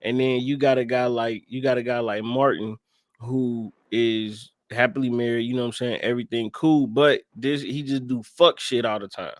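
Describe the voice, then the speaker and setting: A man's voice: medium pitch, fairly even intonation, normal speed, no echo, clean studio sound. A man co-hosting a casual movie podcast, talking emphatically and with lots of profanity. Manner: emphatic, profane, keeps saying "you know what I'm saying". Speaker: podcast co-host. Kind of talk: casual movie-review chat.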